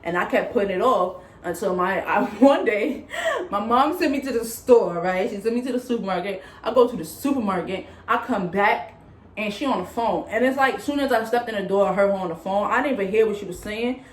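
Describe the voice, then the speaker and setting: A young woman telling a personal story in a candid, chatty way, acting out what others said. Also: mid-range voice. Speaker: vlogger. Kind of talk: casual storytime. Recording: echoey room with faint ambience.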